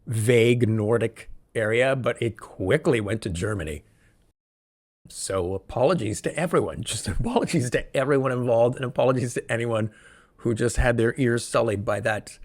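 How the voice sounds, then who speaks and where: A man hosting a solo podcast, talking in an excitable, rambling, jokey way from a room where he records alone. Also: mid-range voice. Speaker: podcast host. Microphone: podcast microphone, also filmed.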